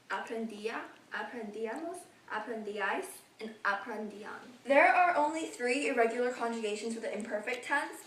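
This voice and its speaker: A woman's voice: on the high side, fairly bright tone, slight background noise. A teenage girl reading out a grammar lesson as a student presenter, reciting verb endings one by one with care. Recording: echoey room, mic at a distance.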